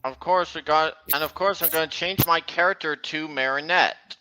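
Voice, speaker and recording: A man chatting on a livestream, rambling and halting, often correcting himself mid-sentence. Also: on the high side, sharp tone, clean tone, faint music behind. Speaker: streamer. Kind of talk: casual livestream chat. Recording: dull lo-fi audio.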